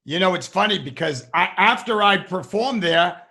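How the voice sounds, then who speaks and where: Male host, gravelly but high and bright, quick reactive interjections. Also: animated. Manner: quick interjections, laughs along with guests. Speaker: podcast host. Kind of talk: casual chat.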